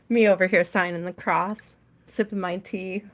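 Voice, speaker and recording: A woman hosting a live tarot stream, reading cards for viewers by name in a chatty way and laughing often. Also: on the low side.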